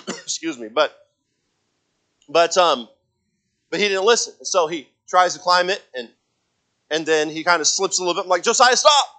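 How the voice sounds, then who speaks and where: Halting, story-telling preacher man. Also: fairly high pitch. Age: adult father of a young child. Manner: halting, repeats words and restarts, acts out quoted lines loudly. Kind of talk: conversational sermon storytelling.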